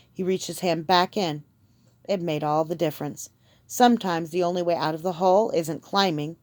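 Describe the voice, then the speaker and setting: A woman reading an audiobook in measured, scripted narration. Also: on the low side, darkish tone, dry recording. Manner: measured storytelling.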